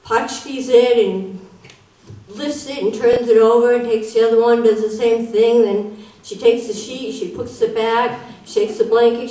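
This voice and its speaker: A woman's voice: fairly high pitch, warm tone. A woman performing stand-up comedy at an open mic, telling jokes and acting out the people in them. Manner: joke-telling, acts out characters in her jokes. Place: live venue with audience. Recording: echoey room, mic from far off.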